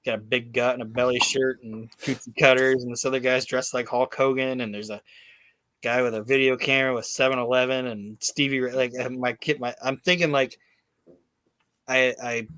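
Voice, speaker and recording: A man's voice: medium pitch, dry recording. A man talking casually about a wrestling match he watched, rambling and swearing, with many fillers and restarts. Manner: rambling, profane, animated storytelling with many fillers. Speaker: podcast host recapping wrestling. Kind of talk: casual chat.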